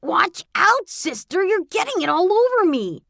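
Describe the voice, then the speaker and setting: A woman's voice: high voice, moderate pace, gravelly, a bit bright, no echo, clean studio sound, soft background music, voice pushed up. A woman reading an audiobook, voicing a mischievous boy twin who taunts and schemes. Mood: taunting.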